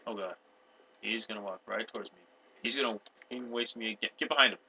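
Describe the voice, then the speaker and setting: A young man commentating a co-op video game, excitable and joking, on a headset mic. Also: lowish voice, fast talker. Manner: excitable, yelps and jokes. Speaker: co-op gameplay commentator. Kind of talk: casual let's play chat. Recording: noisy game audio behind.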